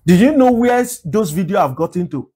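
A man with a Nigerian English accent preaches a sermon as a pastor, repeating phrases and firing off emphatic rhetorical questions. His high voice is animated, brisk and mellow with a breathy edge, captured on a low-quality recording.

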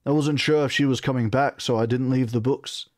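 Man voicing a nervous, stammering messenger; higher than his own voice, humble, dry close sound. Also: steady tone, a little fast, dry recording, close to an everyday voice. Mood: nervous, apologetic. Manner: stammering, deferential.

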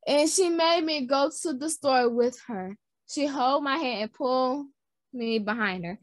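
Slow-reading woman, halting children's story. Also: high voice, no echo. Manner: halting, with restarts and repeated words. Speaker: reader. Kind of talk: reading a children's book aloud.

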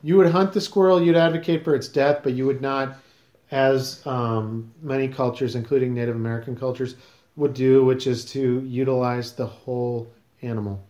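A man's voice: medium pitch, fairly even intonation, normal speed, mellow, reverberant. A man hosting a casual podcast, questioning his guest in a teasing, mock-serious way. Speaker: podcast host.

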